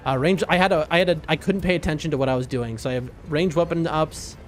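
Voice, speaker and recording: Man, game streamer, slightly high voice, rambling casual commentary, laughs often. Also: fast talker, soft background music. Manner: rambling, chatty storytelling with frequent laughs and restarts.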